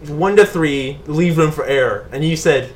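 A man's voice: on the high side, normal speed, slight background noise. A man chatting on a casual podcast, rambling and filling with "like" while laughing easily. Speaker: podcast co-host. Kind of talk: casual chat.

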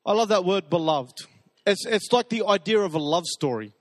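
A man's voice: sits high, animated, normal speed, no echo. Man preaching with a dry, close sound. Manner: conversational storytelling, soft intimate repetitions. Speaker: pastor. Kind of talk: sermon.

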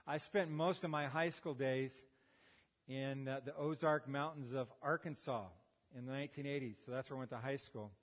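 A man's voice: mid-range voice, fairly even intonation, normal speed, big-room sound. A man in his fifties, a pastor, preaching a sermon with folksy stories and self-deprecating humor. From United States. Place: church sanctuary. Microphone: handheld or headset microphone.

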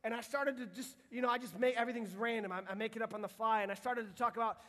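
A man's voice: extremely high pitch, steady tone, rapid-fire, few pauses, bright, forceful tone. A young man from the United States preaching casually and earnestly to teenagers as a youth pastor, often restarting his sentences. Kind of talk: sermon to teenagers. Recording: long hall reverb.

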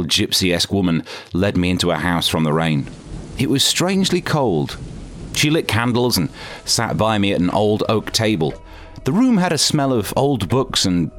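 A British man hosting a comedy podcast, with dry, sarcastic asides in a deadpan monologue. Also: fairly low pitch. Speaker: podcast host.

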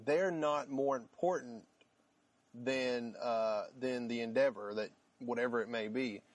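A man co-hosting a casual podcast, thinking aloud in loose, rambling sentences full of fillers and restarts. His mid-pitched voice sounds dry and close, with little room echo. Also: a little slow. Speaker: podcast co-host. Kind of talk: casual chat.

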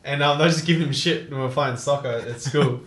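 A man's voice: a little high, fast, a bit bright, roomy sound. A young man telling stories in casual chat, laughing and swearing often. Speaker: co-host.

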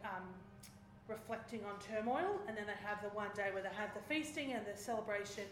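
A woman preaching, retelling a story in a lively way and acting out its voices. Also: mid-range voice, a little fast, background noise. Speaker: speaker. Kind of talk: sermon storytelling. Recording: echoey hall.

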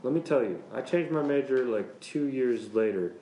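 A man, a pastor, teaching a church class in a casual, lively way, joking, often chuckling and asking the class questions. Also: medium pitch, moderate pace, slight background noise. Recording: roomy classroom echo.

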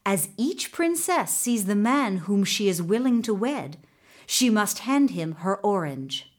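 Female narrator as a scheming male court minister; slow, persuasive counsel. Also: mid-range voice, sing-song.

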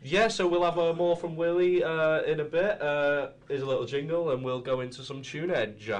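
A man's voice: a little high, normal speed, noisy background. A young man hosting a casual radio show, joking and chatty with stumbling restarts. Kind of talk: casual chat.

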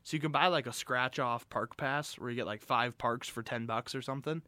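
A man's voice: mid-range voice, a little fast, bright, forceful tone, no echo, studio quality. A young man, a college student, co-hosting a casual sports podcast in a joking, easygoing way. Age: young adult.

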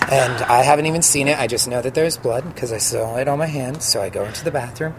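Animated man telling a story, noisy background. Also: mid-range voice, fast talker. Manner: animated, acts out quoted voices, laughs while telling. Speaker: sign spinner guest. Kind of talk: casual storytelling interview.

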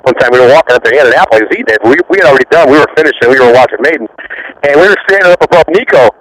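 A man in his fifties, a former rock bassist, rambling through profane backstage stories and laughing often. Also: animated, rapid-fire, a bit bright, no room sound, rough recording. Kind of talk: casual interview storytelling.

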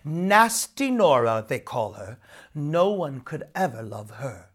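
A storyteller voicing a gossiping old farmer who speaks loudly and scornfully, drawing out his words in a storybook reading. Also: mid-range voice, sing-song, slow.

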